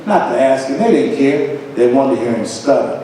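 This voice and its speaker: A man's voice: mid-range voice, animated, normal speed, warm tone, a little hiss or hum. A man from Ohio giving a motivational lecture, with an emphatic, dramatic preaching cadence and chanted refrains. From Columbus, Ohio. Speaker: motivational speaker. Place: large hall. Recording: echoey hall from far off.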